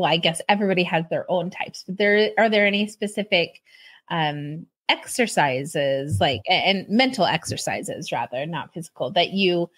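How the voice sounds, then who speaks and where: A woman podcast host chatting with a guest, with hesitant restarts and frequent laughter. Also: fairly low pitch. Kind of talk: casual interview chat.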